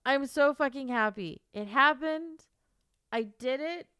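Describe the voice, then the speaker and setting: A woman author chatting live on her stream, excitable and swearing freely, repeating herself as she talks to viewers. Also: sits high, measured pace, no room sound, clean studio sound. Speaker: livestreamer and author. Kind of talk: casual live stream chat.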